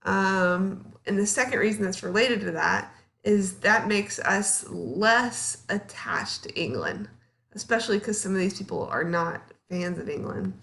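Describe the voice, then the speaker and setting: A woman's voice: medium pitch, lively intonation, unhurried, creaky, a bit bright. A woman, giving a chatty history lecture to a class, full of fillers and questions to the students. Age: 30s. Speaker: history teacher.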